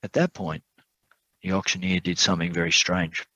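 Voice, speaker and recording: A man preaching, telling an illustration story in an earnest way and slowing down for emphasis. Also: low voice, flat delivery, bright, forceful tone, breathy edge, no echo, dull audio. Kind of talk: sermon storytelling.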